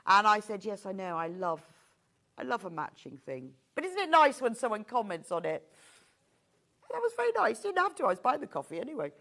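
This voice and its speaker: A woman's voice: mid-range voice, very animated, brisk, bright, forceful tone. A middle-aged woman presenting sewing kits on a live shopping show, chatty and gushing. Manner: chatty and enthusiastic, gushing over products.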